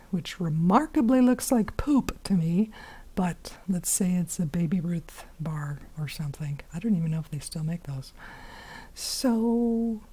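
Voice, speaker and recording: A hoarse woman teaching biology in a chatty recorded lesson, with many fillers and whispery asides. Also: fairly low pitch, warm tone.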